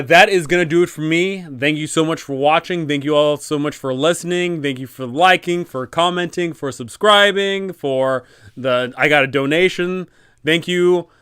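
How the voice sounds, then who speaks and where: Smooth-voiced rambling male streamer. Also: fairly high pitch, fairly bright tone, dry recording, clean studio sound. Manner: rambling, many restarts and fillers. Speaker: streamer and game master. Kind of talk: casual livestream chat.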